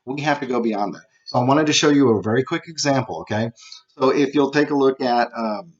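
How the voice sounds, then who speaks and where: A man teaching a relaxed recorded lesson, talking conversationally, tossing in "okay" and acting out examples. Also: medium pitch, brisk. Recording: dull lo-fi home recording.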